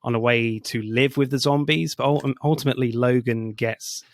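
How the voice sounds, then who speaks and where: A man's voice: medium pitch, fairly even intonation, moderate pace, creaky, no echo, studio quality. A man co-hosting a film podcast, going through a movie's scenes in a casual, analytical way. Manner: analytical, retells scenes at length. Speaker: podcast co-host.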